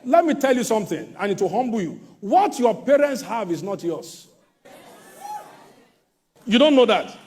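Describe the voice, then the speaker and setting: A male pastor delivering an emphatic sermon, swinging between shouted warnings and hushed asides. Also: high voice, big pitch swings, normal speed, pauses often.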